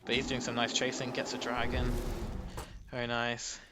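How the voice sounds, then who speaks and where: A man's voice: medium pitch, moderate pace. Casual male game caster, noisy recording. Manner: casual, chatty play-by-play. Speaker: game commentator. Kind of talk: live esports commentary. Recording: steady background noise.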